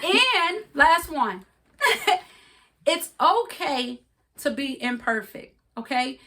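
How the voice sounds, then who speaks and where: Woman co-host, high bright voice, earnest motivational talk, laughs easily. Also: animated, extremely slow. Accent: regional accent. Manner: earnest, coaching, laughs often. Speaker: podcast co-host. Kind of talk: casual motivational chat.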